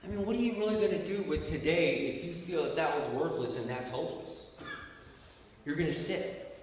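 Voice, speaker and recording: A man preaching to a recovery group, impassioned, dropping low and hushed then rising loud. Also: moderate pace, a little hiss or hum. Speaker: recovery ministry speaker. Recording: echoey hall, mic from far off.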